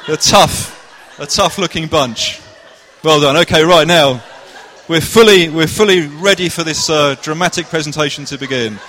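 Man, cheerful host, playful, fairly high voice, long hall reverb. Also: normal speed, sharp tone, a faint crowd. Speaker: presenter of a church drama. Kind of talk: casual stage hosting. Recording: echoey hall.

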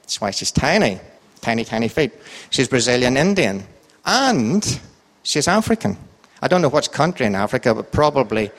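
A man's voice: medium pitch, very animated, moderate pace, a bit bright, big-room sound, slight background noise. An Irish man leading an informal Bible talk with a quiz, chatty and joking, with a sing-song voice that goes up and down. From Ireland. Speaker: church group leader.

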